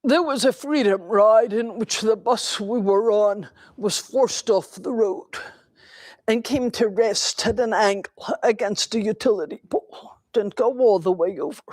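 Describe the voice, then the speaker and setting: An older woman speaks slowly and reflectively, pausing between thoughts as she gives a dharma talk. Her voice is recorded dry and close, with no room echo. Her pitch sits in a middling range. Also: a little mellow. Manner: slow, reflective storytelling with pauses. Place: temple hall.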